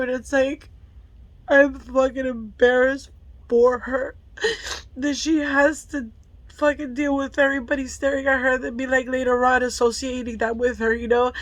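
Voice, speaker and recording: High-pitched mom venting her story, swears a lot, close dry sound, kinda teary. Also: little pitch movement, moderate pace, no echo. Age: adult parent of a school-age child. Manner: heavy swearing, emotional, frank. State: tearful at times. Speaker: mother telling a personal story. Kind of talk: candid storytime vlog.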